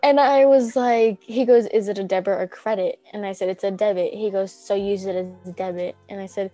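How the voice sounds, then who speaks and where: A woman's voice: mid-range voice, steady tone, brisk, warm tone, faint music behind. A teenage girl co-hosting a podcast, telling anxious stories in a rambling, casual way full of "like" and acted-out quotes. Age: teens. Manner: rambling, heavy use of "like", acts out quotes. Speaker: podcast co-host. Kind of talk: casual chat, storytelling.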